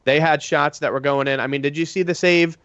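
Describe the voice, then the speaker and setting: A man's voice: a little high, steady tone, brisk, a bit bright, clean tone, no room sound, highs cut off. A man co-hosting a casual sports podcast, rambling through his analysis with many fillers. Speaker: podcast co-host.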